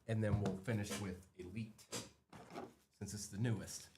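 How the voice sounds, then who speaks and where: A man's voice: lowish voice, fairly even intonation, normal speed, dark tone, slight background noise. A man hosting a live card break, chatting casually and rattling off names as he opens packs.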